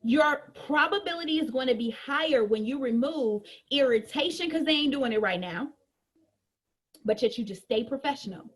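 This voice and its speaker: High, lively woman sales trainer. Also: normal speed, breathy edge. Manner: animated, acts out customer conversations; colloquial, talks straight to the audience.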